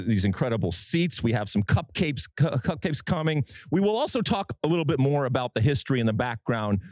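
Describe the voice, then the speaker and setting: A man hosting a studio podcast and talking in an emphatic, animated way. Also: no room sound. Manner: animated, emphatic, swooping pitch. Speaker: podcast host. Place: TV studio set.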